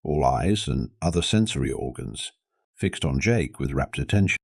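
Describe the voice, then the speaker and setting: A man narrating a scripted science fiction story in a steady, measured reading. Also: rumbling low, no echo, studio quality.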